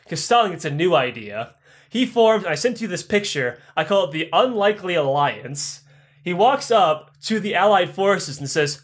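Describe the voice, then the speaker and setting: A man's voice: high-pitched, very animated, normal speed. Profane rambling comedic male storyteller. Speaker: podcast host. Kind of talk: irreverent comedic history retelling.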